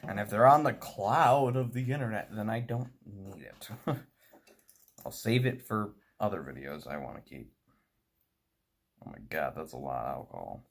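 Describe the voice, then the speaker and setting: American man, low voice, swings up and down a lot, chatty, rambling, casual workbench vlog. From United States. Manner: rambling, chatty, laughs often. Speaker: model train hobbyist. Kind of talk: casual chat while working.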